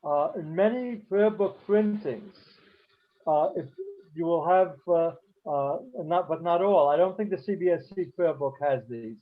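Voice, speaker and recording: A man's voice: a little high, unhurried, phone-quality sound. A man teaching a beginners' Hebrew class online, explaining patiently with frequent fillers.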